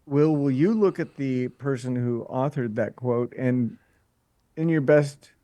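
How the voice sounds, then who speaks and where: A man's voice: mid-range voice, a little slow, warm tone, no room sound, highs cut off. A man co-hosting a casual podcast, playfully prodding the others to perform. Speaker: podcast co-host.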